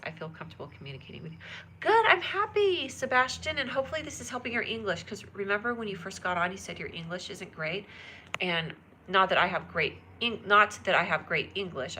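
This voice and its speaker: A woman's voice: fairly low pitch, pushed and bright, slight background noise. A woman hosting a casual phone live stream, bubbly and giggly, chatting with viewers and reading their comments aloud. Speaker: livestream host. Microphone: phone camera.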